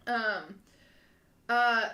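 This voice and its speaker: A woman's voice: on the high side, drawn-out words, bright, forceful tone. A young woman in her twenties, co-hosting a podcast, telling a rambling, emotional story and laughing often. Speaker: podcast co-host. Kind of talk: casual chat, animated storytelling. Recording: echoey room.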